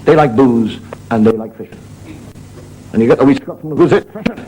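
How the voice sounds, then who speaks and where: An Irishman doing a stand-up monologue, spinning stories and dropping into sudden high comic voices. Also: expressive, brisk, pauses often, warm tone, a little hiss or hum, low-quality recording. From Ireland. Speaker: comedian.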